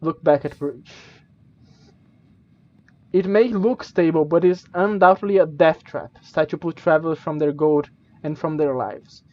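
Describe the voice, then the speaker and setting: A man's voice: a little high, measured pace, muffled recording. A man streaming, reading a gamebook aloud with stumbles, restarts and casual asides. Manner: reads with stumbles and self-corrections, casual asides.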